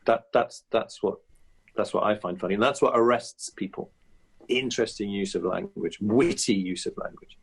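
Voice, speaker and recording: A man's voice: on the low side, normal speed, gravelly, slightly rough. A man guest on a podcast, chatting reflectively with frequent restarts and fillers. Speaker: guest impressionist. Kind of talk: casual podcast interview.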